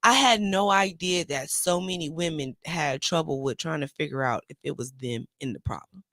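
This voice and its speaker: A woman's voice: sits low, normal speed, no echo. A middle-aged woman hosting an open mic show, chatting casually and animatedly with her viewers and her guest. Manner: animated, drawling, talks straight to viewers. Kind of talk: casual chat.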